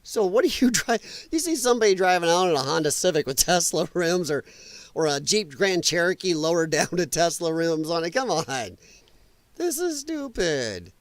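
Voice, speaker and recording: A man's voice: a little high, a little fast, no room sound. A man hosting a live political commentary show, ranting in an exasperated, mocking and profane way. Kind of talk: live solo political rant.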